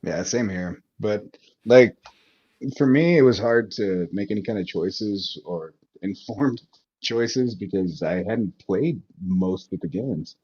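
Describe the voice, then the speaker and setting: Male co-host, lowish voice, dull lo-fi sound, animated and swearing, trails off. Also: takes it slowly, breathy edge. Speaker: podcast co-host. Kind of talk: casual podcast chat.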